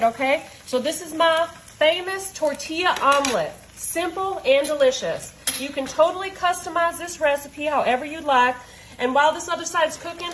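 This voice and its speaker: A woman's voice: high voice, a bit bright, a little hiss or hum, poor audio. Chatty woman cooking at home. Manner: chatty, folksy, talks directly to viewers. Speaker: home cook. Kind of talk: cooking demonstration. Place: home kitchen.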